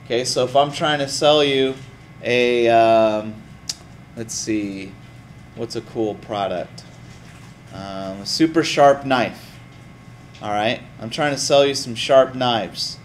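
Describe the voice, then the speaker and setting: A man teaching a class in a lively, casual way, often putting questions to the students. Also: medium pitch, takes it slowly, pauses often, a little hiss or hum. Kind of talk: classroom lecture.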